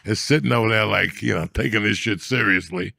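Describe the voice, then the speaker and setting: Gravelly, husky middle-aged man, profane rambler. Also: on the low side, a little fast, bright, forceful tone, no room sound, clean studio sound. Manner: profane, rambling, mock-gruff. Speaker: podcast host. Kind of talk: casual comedic rant.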